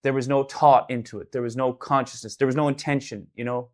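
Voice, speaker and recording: An Irish artist hosting a casual live stream, rambling loosely and breaking into sudden loud bursts now and then. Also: male voice, mid-range voice, fairly even intonation, fast. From Ireland.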